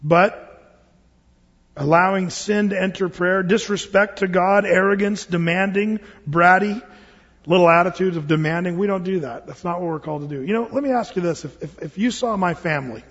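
Male pastor, chatty humorous sermon, husky voice; echoey hall, muffled sound. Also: sits high, moderate pace, a bit bright. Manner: conversational, humorous storytelling. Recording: reverberant hall, dull lo-fi sound.

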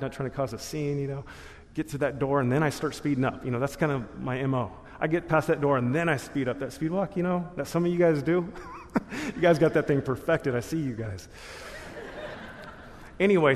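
A man giving a church testimony in a loose, casual storytelling way, full of slang and laughing at himself. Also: medium pitch. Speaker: guest speaker sharing testimony. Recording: long hall reverb.

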